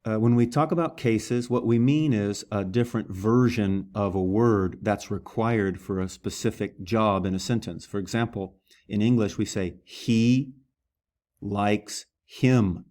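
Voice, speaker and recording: A man's voice: fairly low pitch, steady tone, normal speed, a little mellow. A man teaching a language lesson, patient and methodical, sounding out words syllable by syllable. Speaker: Greek teacher. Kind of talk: slow classroom lesson.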